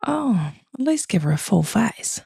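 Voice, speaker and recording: A woman co-hosts a true-crime podcast, tossing in snappy one-liners and playful reactions. Her voice sits at a middling pitch and sounds close and dry, with no room echo. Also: sing-song, measured pace, gravelly, mellow, slightly rough. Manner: quippy, reactive with gasps and asides. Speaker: podcast co-host. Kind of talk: casual podcast chat.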